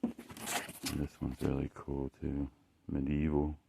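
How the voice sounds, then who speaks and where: A man's voice: very deep voice, monotone, takes it slowly, vocal fry, noisy background. A man talking casually about his art in a rambling, profane way, often stopping and restarting mid-sentence. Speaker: artist showing his work.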